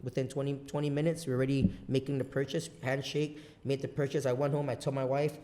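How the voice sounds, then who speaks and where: A man from Guam, a business owner guesting on a podcast, telling stories in casual chat, swearing a lot and talking in an animated way. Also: medium pitch, fast. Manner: profane, animated storyteller.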